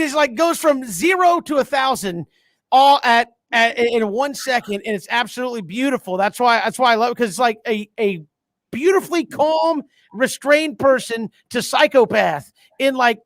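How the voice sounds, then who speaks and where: A man co-hosting casual sports talk, an animated storyteller who laughs while talking. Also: very high-pitched, normal speed, no room sound. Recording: dry close sound.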